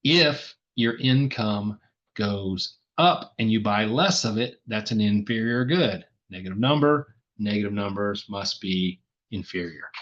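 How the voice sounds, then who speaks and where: A man's voice: on the low side, expressive, unhurried, a bit bright. An older man teaching an economics lecture in a chatty, self-deprecating way, working through examples aloud. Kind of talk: recorded classroom lecture. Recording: dull lo-fi lecture recording.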